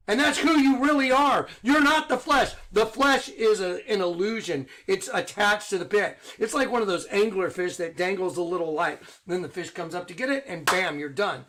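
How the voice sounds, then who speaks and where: A middle-aged man with a high voice preaches into the camera in an excited monologue. He talks insistently, firing rhetorical questions and hammering the same points again and again. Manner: insistent, rhetorical, repeats himself. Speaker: online preacher.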